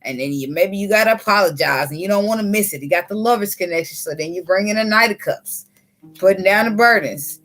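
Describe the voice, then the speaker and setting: A woman's voice: mid-range voice, fairly quick, fairly bright tone, soft background music. A woman giving a casual tarot reading, blunt and preachy, swearing freely. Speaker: tarot reader. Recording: faint background noise.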